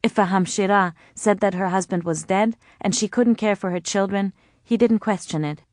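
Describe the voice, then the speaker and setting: A woman reading a novel aloud in measured, scripted narration. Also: medium pitch, a little mellow, no echo, clean studio sound. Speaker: audiobook narrator.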